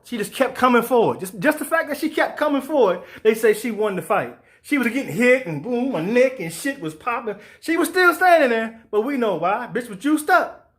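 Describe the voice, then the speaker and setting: A fired-up man rants about boxing, swearing freely. His voice sits high for a man. He keeps slipping into mocking put-on voices for the people he quotes. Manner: profane, animated, acts out quoted voices. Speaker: sports show host. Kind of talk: heated boxing commentary rant.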